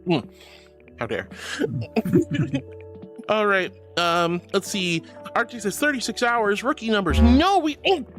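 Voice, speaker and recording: A woman's voice: mid-range voice, sing-song, slow, long pauses, a bit bright, faint music behind. A young woman streamer chatting casually and reading out chat messages, bubbly, giggly and affectionate.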